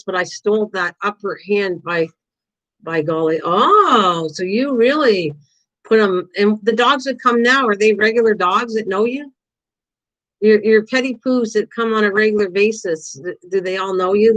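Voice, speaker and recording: An older woman rambles through a live crafting stream, chatting easily to unseen viewers and to her dog. Her pitch sits right in the middle and her talk wanders from one thought to the next. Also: moderate pace, dull audio. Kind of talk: casual live-stream chat while painting.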